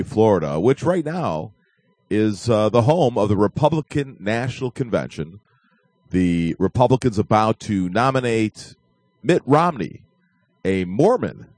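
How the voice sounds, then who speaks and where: A man's voice: fairly low pitch, darkish tone, dry recording. A man hosting a live online talk show, joking and rambling with frequent fillers and restarts. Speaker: host.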